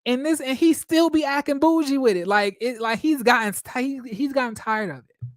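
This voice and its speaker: A man hosting a casual live stream from home, telling stories in a dramatic, expressive way, swearing freely and laughing often. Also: very high voice, moderate pace, dry recording, studio quality.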